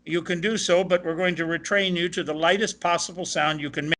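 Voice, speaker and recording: An older man from Ohio is telling stories in an interview. His voice is bright and sits a little high for a man. He talks in long anecdotes and quotes the people he met along the way. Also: brisk. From Ohio, USA. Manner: animated anecdotal, quoting others. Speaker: guest, opera tenor. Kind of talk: interview storytelling.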